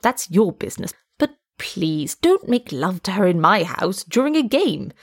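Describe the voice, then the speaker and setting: A stern man scolds a guest in a storybook reading, voiced by a woman. He speaks firmly and with reproach, in a husky voice. The sound is close and dry. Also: mid-range voice, sing-song, a little slow, dry recording, heavily acted. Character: stern older male host, scolding.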